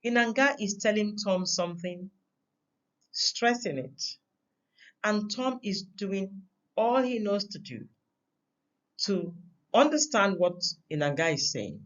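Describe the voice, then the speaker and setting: A woman teaching a recorded lesson on communication, with an emphatic delivery that stresses words through sharp changes in pitch and loudness. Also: expressive, slow pace, long pauses, dull audio.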